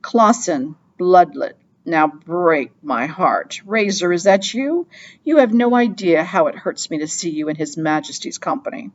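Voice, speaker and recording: A woman's voice: lowish voice, lively intonation, unhurried, dull audio. A woman reading an audiobook, voicing a wry, sly male rat spy with a teasing, sing-song manner.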